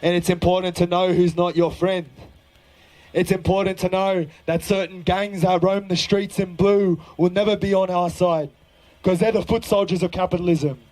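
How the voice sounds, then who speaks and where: A man's voice: high-pitched, little pitch movement, moderate pace, a little mellow, rough recording. A young man fronting a band, giving a fiery, profane political speech from a live stage between songs.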